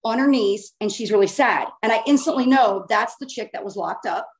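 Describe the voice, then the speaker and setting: A young woman with a slightly high voice tells a story in a relaxed, unscripted way at a brisk pace. She's animated and informal, dropping casual swearing as she goes.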